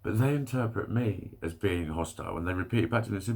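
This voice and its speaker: Gravelly low-voiced man ranting. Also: expressive, fast talker. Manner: rambling, swearing, self-interrupting. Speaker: vlogger. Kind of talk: candid solo rant to camera.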